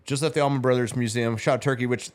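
A man's voice: medium pitch, steady tone, quick pace. A man, telling a long story as a podcast guest, rambling and laughing as he goes. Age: 40s. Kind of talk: casual storytelling.

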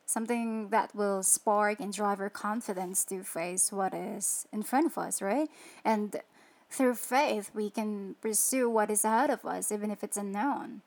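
A woman's voice: mid-range voice, measured pace. A woman hosting a faith-based motivational show, chatting with listeners and asking them rhetorical questions. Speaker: show host.

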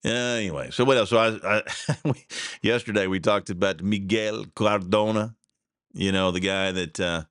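A man's voice: on the low side, normal speed, fairly bright tone, clear, resonant tone, no echo, clean studio sound. A man hosting a casual solo news commentary show, rambling, repeating himself and chuckling along. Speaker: podcast host.

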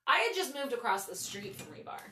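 Woman, thirties, podcast host, slightly high voice, animated casual storytelling, swears a lot, roomy echo. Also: a little fast, slight background noise. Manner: animated, swearing, full of "like" fillers.

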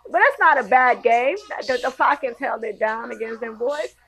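A woman hosting a casual sports podcast, excitably reading scores and highlights with lots of slang and exclamations. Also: normal speed, slightly rough, soft background music. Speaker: podcast host.

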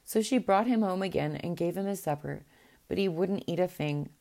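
A woman reading a fairy tale aloud in a gentle, unhurried way, with the odd small restart. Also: fairly low pitch, gravelly. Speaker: storyteller. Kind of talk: storybook read-aloud.

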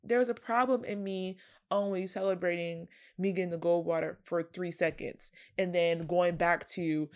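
A woman's voice: on the low side, steady tone, moderate pace. A woman in her twenties hosting a solo podcast, talking to her listeners in a chatty, earnest way. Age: 20s. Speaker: podcast host. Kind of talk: casual solo podcast talk.

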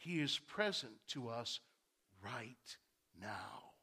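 A man's voice: medium pitch, animated, slow pace, gravelly, bright, forceful tone, breathy edge. A male pastor preaching a sermon in a church, talking conversationally and repeating key phrases for emphasis.

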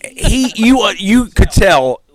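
A man's voice: sits high, slow, poor audio. A man co-hosting a casual movie podcast, joking around and dropping into silly voices. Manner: animated, jokey, slips into silly voices. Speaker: podcast co-host. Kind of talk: casual movie review chat.

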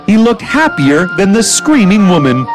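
A man narrating a children's story in a gentle storytelling manner, with faint music behind him. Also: high-pitched, sing-song, moderate pace.

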